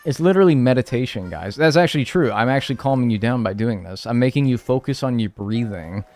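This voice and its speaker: Over soft background music, with no echo, a man's mid-range, slightly mellow voice moves fast with lively intonation. It's casual live-stream talk during gameplay: he's relaxed and slangy, keeps dropping "dude" and "like," and responds to what viewers type in chat.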